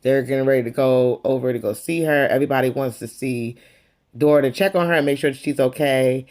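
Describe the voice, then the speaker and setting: A woman's voice: rumbling low, steady tone, brisk, darkish tone. A woman giving a sassy, dramatic casual recap of a reality TV episode. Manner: sassy, dramatic, calls the viewer honey. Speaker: YouTube reviewer.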